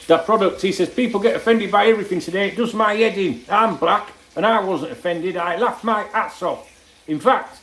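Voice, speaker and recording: An older man who runs a football fan channel reads viewer comments aloud while cooking in his home kitchen, blunt, jokey, and swearing plenty. His voice sits high, and the recording is rough and reverberant.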